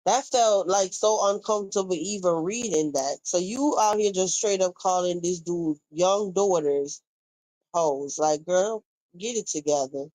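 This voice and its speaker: A woman's voice: on the low side, unhurried, darkish tone, no echo, low-quality recording. A young woman, chatting casually on a live stream, reacting to viewer comments and retelling gossip. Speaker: livestream host.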